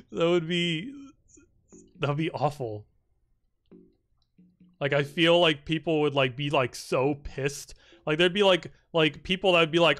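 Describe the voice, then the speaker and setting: With a slightly high voice at a normal speed, a young man gives casual, excitable commentary on the game he's streaming. He rambles, swears a lot, and says "like" constantly.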